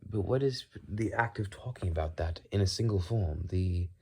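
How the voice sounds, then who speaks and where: Deep-voiced man in a put-on British accent. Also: normal speed, creaky, breathy edge. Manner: calm, musing, inquisitive tone. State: dry mouth. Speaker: video creator. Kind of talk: rambling solo monologue.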